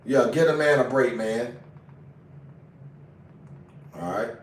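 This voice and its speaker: A man's voice: medium pitch, slow, far from the mic. A man on a casual livestream, talking in an agitated, profane way and repeating himself, recorded away from the mic. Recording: roomy sound, away from mic.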